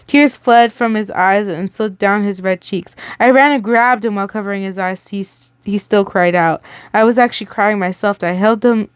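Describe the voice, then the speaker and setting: A woman's voice: mid-range voice, clear, resonant tone, no echo, clean studio sound. Young woman reading a story aloud. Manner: casual, stumbles over words and stops to react.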